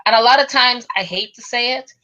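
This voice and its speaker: A woman chatting casually on a spiritual talk show, animated and laughing as she talks. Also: a little high, a little fast, muffled recording. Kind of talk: casual chat.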